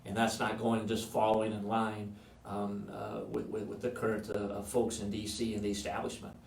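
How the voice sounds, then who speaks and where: Halting man on a distant, echoey mic. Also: lowish voice, monotone, creaky, a little mellow. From Iowa. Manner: halting, many fillers and restarts. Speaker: political candidate hosting a virtual town hall. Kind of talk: unscripted campaign speech. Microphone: video call. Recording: roomy echo, off-mic.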